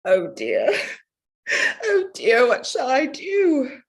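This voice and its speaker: A woman's voice: normal speed, close to an everyday voice. A young bride on her wedding morning, fretful and theatrical, voiced by a woman in a play reading. Her voice swings up and down as she frets and declares her love. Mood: tearful. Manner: fretful, theatrical, lively pitch.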